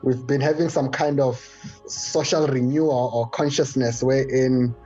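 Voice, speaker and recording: A man's voice: medium pitch, steady tone, measured pace, a little mellow, muffled recording, faint music behind. A man from South Africa, a guest poet joining remotely, easygoing and chuckling in casual chat. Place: Johannesburg, remote.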